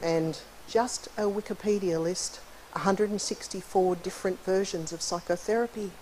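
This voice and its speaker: A middle-aged woman giving a friendly, chatty conference lecture in a university hall. She often clears her throat between points. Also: mid-range voice, steady tone, moderate pace, hardly any pauses, darkish tone, slight background noise. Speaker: conference keynote speaker, psychologist. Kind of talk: conversational lecture.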